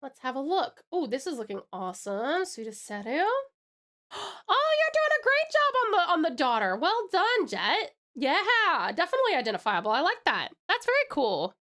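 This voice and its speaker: A woman's voice: high voice, big pitch swings, moderate pace, sharp tone. An Australian woman from Tasmania chatting casually on a live stream, bubbly and greeting her chat with pet names.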